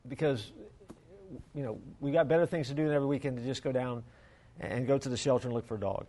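A male pastor telling a story in a sermon and leading a prayer, earnest and conversational, dropping to a hush. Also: mid-range voice, fast.

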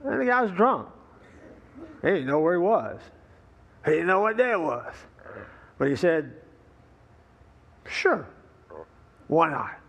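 Pastor guy preaching, kinda higher voice, folksy storyteller, chats with the congregation. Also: normal speed, long pauses, highs cut off. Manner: folksy storyteller with relaxed fillers and asides to the congregation. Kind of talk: sermon.

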